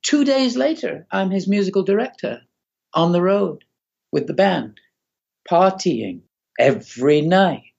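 An older man from Manchester with a Manchester accent, a guest telling animated stories with laughter over a video call. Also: high-pitched, unhurried, gravelly, slightly rough. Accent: Manchester English. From England, Manchester. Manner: animated, laughing, acts out voices. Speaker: guest musician. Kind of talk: storytelling in a podcast interview. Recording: dull lo-fi Skype call.

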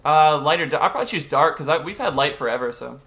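A man's voice: a little high, expressive, fast talker, a bit bright. A young man streaming a video game, chatting casually and greeting viewers and answering chat as he plays.

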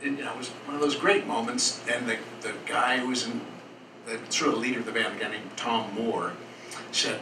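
In a live storytelling performance, a man with a medium-pitched voice tells a personal tale earnestly and in a rambling way, pausing and restarting as he goes. He's heard from a distance in a roomy, echoing café with a steady hum of noise around him.

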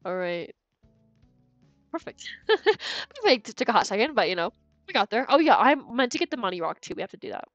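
A woman's voice: a little high, big pitch swings, moderate pace, long pauses, a bit bright, dry recording, muffled recording. A young woman streaming a video game, chatting casually and giggling while she plays and talks to her chat. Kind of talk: casual gameplay commentary. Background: faint game music.

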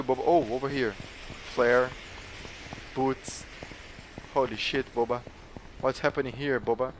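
A man from Brazil with a Brazilian accent, a gamer joking his way through gameplay commentary with playful teasing and sudden excited yelps. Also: mid-range voice, unhurried, pauses often, a little hiss or hum. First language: Portuguese. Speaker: gamer hosting a let's play channel.

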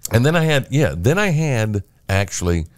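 A man's voice: medium pitch, moderate pace, no room sound. An older man, a veteran radio host, telling stories in casual chat and acting out the voices of the people in them. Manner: animated storyteller acting out quoted voices. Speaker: radio host and podcast guest.

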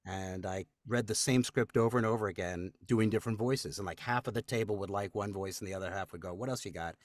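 Animated male voice actor telling stories. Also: on the low side, fast talker, no room sound, clean studio sound. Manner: animated storyteller, acts out quotes, laughs often. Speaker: voice actor guest. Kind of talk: casual interview storytelling.

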